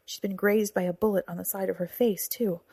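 A woman reads a novel aloud in a breathy, husky voice at a middling pitch. The sound is close and dry, with no room around it. She drops to a whisper or rises to a shout for the characters' lines. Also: fairly even intonation, fairly quick, no echo. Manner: acts out dialogue with whispers and raised voices. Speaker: audiobook narrator. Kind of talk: scripted narration.

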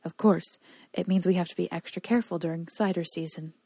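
A woman's voice: fairly low pitch, fairly even intonation, fairly quick, warm tone, breathy edge, no room sound. A woman voicing a pampered, self-assured noblewoman who boasts lightly in an audiobook reading. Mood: breezy.

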